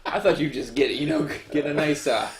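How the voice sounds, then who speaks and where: A man co-hosting a podcast, tossing in teasing, quick-witted remarks in casual chat. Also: fairly high pitch. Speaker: podcast co-host. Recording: roomy echoey room.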